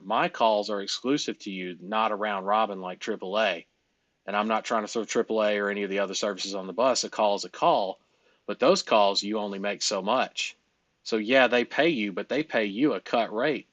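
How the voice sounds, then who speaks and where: Emphatic man coaching, low voice. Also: normal speed, fairly bright tone, no echo. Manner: emphatic, swearing, laughs often. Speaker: coach running a group call. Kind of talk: casual coaching call.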